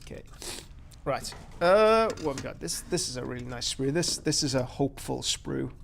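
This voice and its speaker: A man's voice: mid-range voice, expressive, moderate pace, creaky, fairly bright tone, a little hiss or hum. A man hosting a casual live stream, rambling and joking at his own expense while he mutters through his work. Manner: rambling, self-deprecating, mutters to himself while working. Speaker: live stream host building miniatures.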